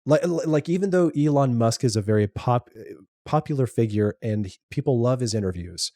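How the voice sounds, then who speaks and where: A man's voice: mid-range voice, animated, normal speed, mellow, no echo, clean studio sound. A middle-aged man co-hosting a podcast, chatting casually and often restarting his sentences. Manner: trips over words, many restarts. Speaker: podcast co-host and editor. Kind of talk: casual chat.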